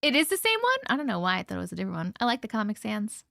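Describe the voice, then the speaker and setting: A woman's voice: medium pitch, wildly swooping pitch, rapid-fire, vocal fry, bright, forceful tone, no echo, studio quality. A woman hosting a livestream, chatting casually, laughing often and swearing now and then while she reads viewer stories aloud. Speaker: host reading viewer stories. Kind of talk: casual livestream chat and story reading.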